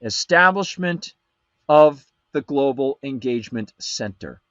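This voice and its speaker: Male host, live commentary, middle pitch, sarcastic document reader, dry close sound. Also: lively intonation, a little slow, fairly bright tone, no room sound, highs cut off. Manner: reads documents aloud with sarcastic asides. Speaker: show host. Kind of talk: live political commentary show.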